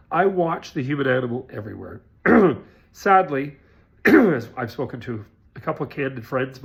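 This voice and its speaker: A man's voice: mid-range voice, gravelly. A middle-aged man, a psychic, talking in a rambling, chatty vlog monologue and laughing often.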